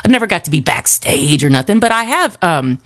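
A woman's voice: lowish voice, very animated, brisk. Chatty woman co-hosting radio. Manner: chatty, laughing, rambling. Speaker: radio show co-host. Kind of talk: casual radio storytelling. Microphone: studio microphone.

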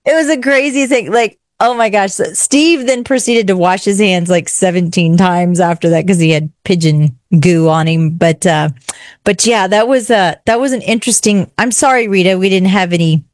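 A woman who hosts a podcast, telling a story on a radio chat show in a fast, excitable way. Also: medium pitch, no echo, studio quality. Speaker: podcast host and radio regular. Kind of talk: animated storytelling in casual chat.

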